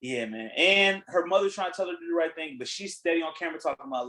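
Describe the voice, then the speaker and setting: A man hosting a podcast in casual chat, retelling a reality show in a blunt, animated way, acting out what people said and swearing freely. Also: a little high, fast talker, few pauses, poor audio. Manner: animated storytelling, acting out quotes. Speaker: podcast host.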